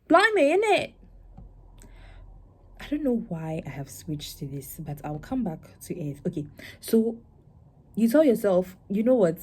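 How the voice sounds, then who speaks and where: A woman's voice: lively intonation, normal speed, dark tone, breathy edge. A young woman, a spoken word poet talking her audience through her poem in a reflective, conversational way. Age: young adult. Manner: reflective, conversational, acts out quoted voices in a higher tone.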